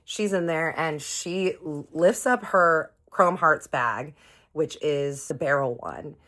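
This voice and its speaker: A woman's voice: deep voice, slow. A woman telling a personal story to her viewers in a casual, chatty way, acting out what people said. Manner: chatty, animated retelling with quoted voices. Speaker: storytime vlogger.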